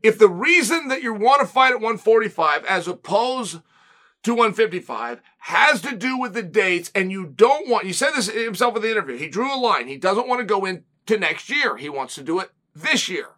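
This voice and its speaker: A show host, male, uses a high, pushed, bright voice with big pitch swings. He rattles off rhetorical questions in quick succession, his commentary blunt, emphatic, and full of opinion.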